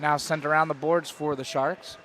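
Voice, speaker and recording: A man calling hockey play-by-play, firing off quick calls that jump to shouts on shots and goals. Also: a little high, little pitch movement, a little hiss or hum. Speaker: play-by-play commentator.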